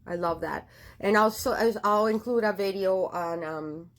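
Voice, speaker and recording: A woman's voice: medium pitch, a little slow. A woman giving a casual tarot reading, chatty and affectionate, with many fillers and restarts. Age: adult with a daughter. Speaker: tarot reader.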